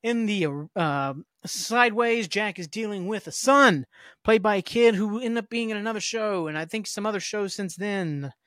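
A man's voice: sits high, moderate pace, fairly bright tone, no room sound, clean studio sound. A man hosting a podcast, giving a loose, rambling recap with lots of fillers and the odd curse word. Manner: loose, filler-heavy, with occasional cursing. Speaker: podcast host. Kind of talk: casual rambling episode recap.

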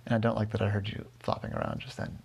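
Gravelly father telling a bedtime story. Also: on the low side, wildly swooping pitch, fast talker. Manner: rambling, self-correcting, gentle.

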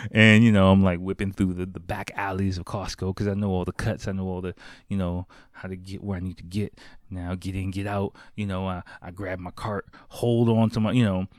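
A man's voice: low-pitched, little pitch movement, brisk, dry recording, clean studio sound. A man in a casual vlog monologue, rambling and profane, full of fillers, living in Japan. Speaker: vlogger. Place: home in Japan.

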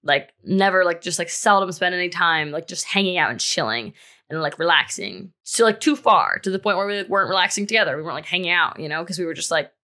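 Bright-voiced young woman, candid and casual. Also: on the low side, expressive, quick pace. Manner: candid, casual, frequent fillers and swearing. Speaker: podcast host. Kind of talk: personal monologue.

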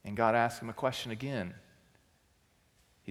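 Guy pastor preaching, mid pitch, big loud bursts then drops quiet, long echo from the church hall. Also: steady tone, moderate pace, long pauses. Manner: swings from loud emphatic outbursts to quiet intensity. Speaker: teaching pastor. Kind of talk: sermon.

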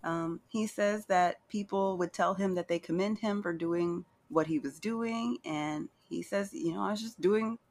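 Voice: mid-range voice, unhurried, few pauses. A podcast co-host giving a chatty, casual recap of a reality show, with playful asides and acted-out quotes.

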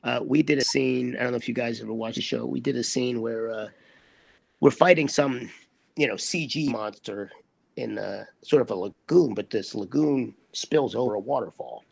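A man with a gravelly, husky voice recounts a story from a set, animated and acting out what people said. The sound is dry and close, with no room echo. His pitch sits in the middle range for a man. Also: normal speed. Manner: animated storyteller, acts out quotes. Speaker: actor guest. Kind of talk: anecdote telling in conversation.

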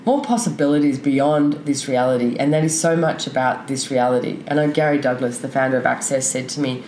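Low-voiced woman speaking frankly in an echoey room. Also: a little fast, darkish tone. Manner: open, frank, rambling with many fillers. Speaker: podcast guest. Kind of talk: candid conversational interview. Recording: echoey room with faint noise.

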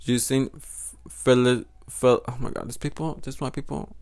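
Young man, Mexican Spanish accent, podcast host, rambling, profane, mid-range pitch. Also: steady tone, moderate pace, clear, resonant tone. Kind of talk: casual solo podcast talk.

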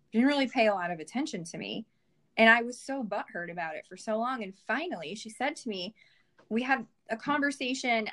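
Woman, podcast guest, candid reflective storyteller, mid pitch. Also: fairly bright tone. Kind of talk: casual interview conversation.

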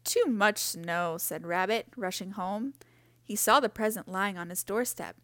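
A woman reading a children's picture book aloud in a gentle, expressive way. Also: medium pitch, moderate pace, no echo. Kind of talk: storybook read-aloud.

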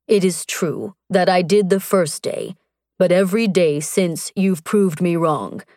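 A woman voicing an earnest, tender barbarian warrior man, speaking slowly and gently. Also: on the low side, no room sound, studio quality, close to an everyday voice.

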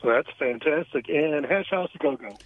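A man's voice: on the high side, moderate pace, no room sound. A man calling in to a radio show, hesitant and full of fillers. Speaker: caller. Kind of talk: phone call to a radio show. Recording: tinny phone line.

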